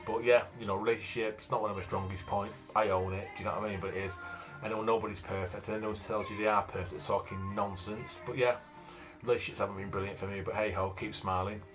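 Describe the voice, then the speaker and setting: Here a Manchester vlogger and author in his fifties talks fast, his fairly low voice barely moving in pitch. His broad accent carries a blunt, casual monologue about himself, full of fillers, with faint background music in the recording.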